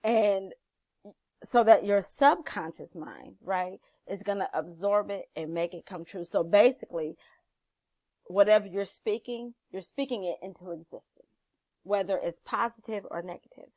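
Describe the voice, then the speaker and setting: A chatty woman gives a casual motivational talk straight to camera, animated and acting out little quotes as she goes. Her voice sits at a middle pitch and sounds dry and close. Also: a little slow, dry recording. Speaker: channel host, life coach.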